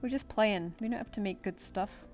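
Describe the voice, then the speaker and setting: She talks at a moderate pace in a mid-range, darkish voice while faint music plays behind her. As she draws live, she thinks aloud, reads comments from chat and responds in a relaxed, chatty way.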